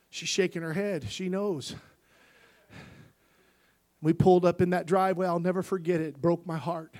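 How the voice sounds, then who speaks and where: High-voiced preaching man. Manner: impassioned preaching that swings from quiet storytelling to shouting. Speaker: pastor. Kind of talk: sermon.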